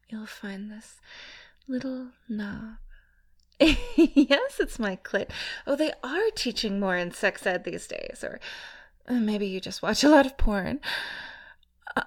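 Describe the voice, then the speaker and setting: A woman performing a whispered role-play in an intimate, coaxing way, with soft laughs. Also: medium pitch, breathy edge.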